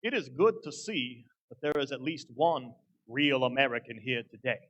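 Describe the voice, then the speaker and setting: A man voicing a dignified older Confederate general who speaks slowly and formally. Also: mid-range voice, lively intonation, fairly bright tone, highs cut off. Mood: gracious.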